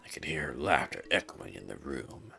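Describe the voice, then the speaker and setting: A man streaming, reading a story game aloud with expressive storytelling. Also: rumbling low, normal speed, creaky, faint music behind.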